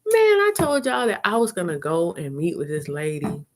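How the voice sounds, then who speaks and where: A middle-aged woman hosting a live chat, telling stories in a frank, animated way and acting out her own reactions. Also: lowish voice, moderate pace. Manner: frank and salty, with slangy talk. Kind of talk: casual live-stream storytelling.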